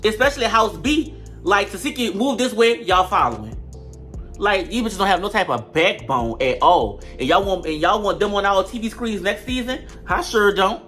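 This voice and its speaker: A man's voice: high-pitched, expressive, moderate pace, bright, forceful tone, faint music behind. A man giving casual, profane, sassy commentary in a reality-show review. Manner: blunt, profane, sassy trash talk.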